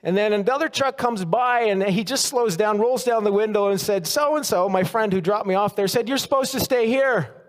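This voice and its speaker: A man preaching a sermon in a church, telling a story and acting out the quotes with lively swings. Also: high-pitched, normal speed, hardly any pauses. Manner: storytelling, animated, acts out quotes. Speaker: pastor. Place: church sanctuary. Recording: long reverb of a church hall.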